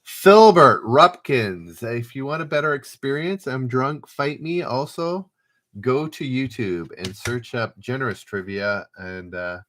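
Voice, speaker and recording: With a fairly low pitch and a fairly bright tone, a male trivia host reads questions aloud during a live online game. While players answer, he chats in a relaxed, loose way.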